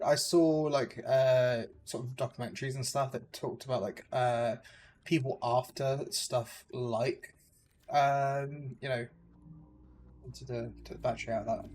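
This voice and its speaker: Young english guy rambling on stream, lots of likes and uhs, middle pitch, faint noise behind. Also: fairly even intonation, a little slow, pauses often, a little mellow. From England. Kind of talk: casual gameplay chat with viewers.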